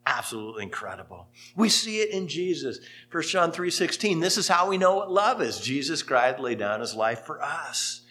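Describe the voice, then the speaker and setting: Male pastor, sermon delivery, bright tone, lively storytelling swings. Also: normal speed, few pauses, slight background noise. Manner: animated storytelling with sudden rises in pitch and volume.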